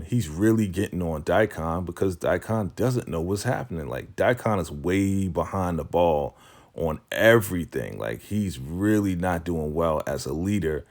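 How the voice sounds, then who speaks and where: A chatty man with a low, deep voice recaps a TV drama episode in a loose, conversational way. He fills his talk with asides and chuckles. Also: lively intonation, a little slow, darkish tone. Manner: chatty, laughs often, lots of fillers like "I mean" and "right?". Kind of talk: casual recap commentary.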